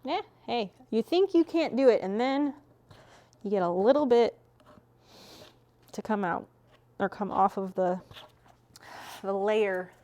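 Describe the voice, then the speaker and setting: A woman's voice: mid-range voice, slow, pauses often, darkish tone. A young adult woman streamer chatting casually with her viewers as she works, swearing freely. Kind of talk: casual chat with chat while working.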